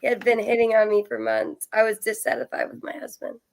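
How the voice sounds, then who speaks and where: A woman's voice: on the high side, little pitch movement, a little fast, a little mellow. A woman co-hosting a podcast, frank and giggly in casual chat as she reads out listener stories.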